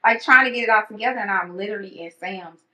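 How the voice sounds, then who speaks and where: Speaking fast in a sharp, medium-pitched voice, a woman appearing as a podcast guest shares personal stories in casual conversation. She acts out her own inner thoughts, and the recording carries a dull, echoey room sound.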